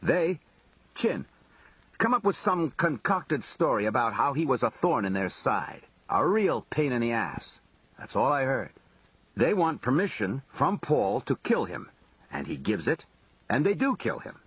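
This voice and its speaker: A man reading as a husky, blunt mob underboss. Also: medium pitch, sing-song, unhurried, fairly bright tone, dry recording, exaggerated voice. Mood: scornful. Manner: blunt, profane, conversational. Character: blunt, streetwise male mob underboss telling his story.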